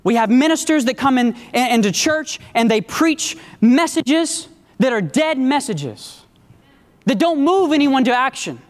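High-voiced preacher in an echoing hall. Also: male voice, very animated, unhurried. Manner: call-and-response, emphatic, varied pace. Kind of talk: sermon. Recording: long echo of a large hall.

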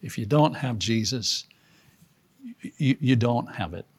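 A man, a pastor, teaching a Bible study class in an earnest way, asking rhetorical questions, his loudness rising and falling. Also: mid-range voice, lively intonation, takes it slowly, slightly rough.

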